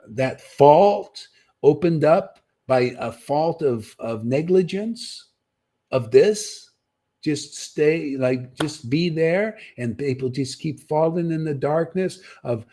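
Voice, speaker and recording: A man's voice: on the high side, dark tone, husky. A man giving a livestreamed sermon, preaching with many rhetorical questions and a repeated "see?", emphatic and sometimes scolding. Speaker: spiritual teacher.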